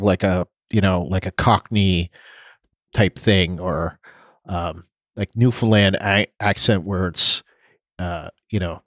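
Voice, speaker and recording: A man's voice: mid-range voice, fairly bright tone, dry recording. A man co-hosting a podcast in casual chat, rambling and hesitant with many restarts. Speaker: podcast co-host.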